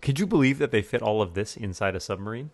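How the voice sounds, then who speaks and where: Wry, lower-voiced man hosting commentary. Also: animated, fast, no echo. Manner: wry, joking. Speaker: podcast host. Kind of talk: casual movie commentary chat.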